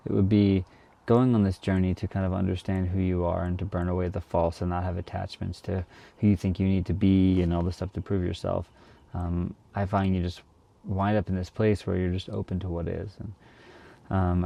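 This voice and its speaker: A man's voice: low voice, gravelly, dark tone. A young man, a new father, talking earnestly and reflectively to his viewers, full of "like" fillers and restarts. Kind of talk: reflective casual monologue to camera.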